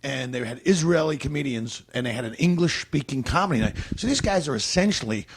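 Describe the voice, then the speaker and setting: A man's voice: medium pitch, expressive, fairly quick, creaky, a little hiss or hum. A male comedian guest in casual podcast chat, telling long meandering stories. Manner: rambling, meandering storyteller.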